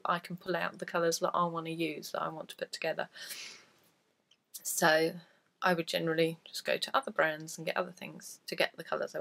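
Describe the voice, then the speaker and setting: Brief: woman podcast host, rambling crafty chat, a bit croaky with a cold, gravelly edge. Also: fairly low pitch, fairly bright tone. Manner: chatty and rambling, self-deprecating. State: coughing from a cold. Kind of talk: casual chat.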